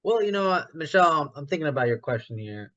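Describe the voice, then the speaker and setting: Bright, forceful man thinking aloud. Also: fairly high pitch, very animated, fast, lo-fi sound. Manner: gets loud when passionate about ideas; thinks aloud with frequent restarts. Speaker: discussion participant. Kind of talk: casual online discussion.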